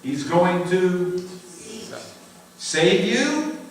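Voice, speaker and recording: An older American man teaching a church Q&A, lively and emphatic, laughing often and repeating words for emphasis. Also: high voice, extremely slow, slight background noise. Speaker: pastor teaching a Q&A. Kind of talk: conversational Bible teaching. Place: church sanctuary. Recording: very echoey room, mic far off.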